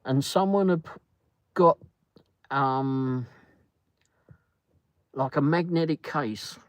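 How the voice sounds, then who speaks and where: A British man hosting a casual livestream speaks slowly in a mid-range voice, rambling through a story while greeting viewers by name and reading their comments aloud. The low-quality recording has no room sound, and his manner is chatty.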